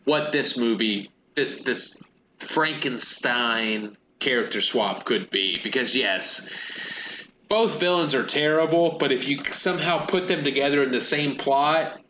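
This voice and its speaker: Bright-voiced man riffing in an echoey room. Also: mid-range voice, unhurried, highs cut off, slight background noise. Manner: rambling, acts out silly villain voices. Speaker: podcast co-host. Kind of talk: casual comedic movie discussion.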